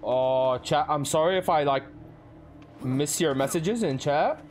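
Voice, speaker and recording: A man's voice: a little high, measured pace, soft background music. A male streamer giving live commentary on a horror game, jumpy and swearing a lot while talking to his chat.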